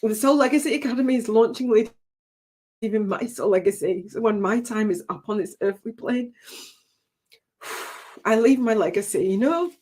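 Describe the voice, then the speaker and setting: A woman's voice: fairly high pitch, normal speed, long pauses, a little mellow. Older woman, spiritual coach on a live stream, emotional and rambling, laughs through tears. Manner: tearful, laughing, heartfelt and rambling. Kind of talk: emotional personal talk on a livestream.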